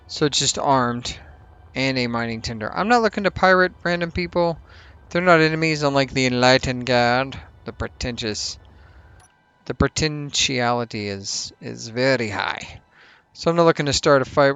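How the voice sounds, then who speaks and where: Man, let's play host, casual gameplay commentary, gravelly, chatty with self-mocking asides. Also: mid-range voice, fairly bright tone, no room sound.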